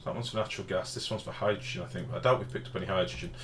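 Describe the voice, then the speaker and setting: A man with a low voice, talking through a live game stream in a loose, chatty way and answering viewers as he plays. He swears casually, and faint street sounds drift in from an open window. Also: steady tone, rapid-fire, a bit bright. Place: home room with the window open. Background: faint outdoor street noise.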